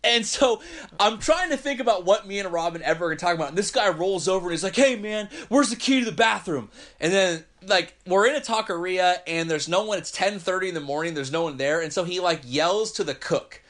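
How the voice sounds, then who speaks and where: A man hosting a podcast, telling a story in an animated, profane, rambling way. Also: high-pitched, a little fast. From Northern California. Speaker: podcast host. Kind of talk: casual storytelling chat.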